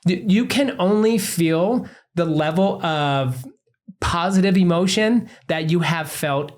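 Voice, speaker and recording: A man's voice: sits high, slow pace. A man co-hosting a podcast as a doctor, talking earnestly in a casual interview and explaining through analogies. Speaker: podcast co-host, functional medicine doctor.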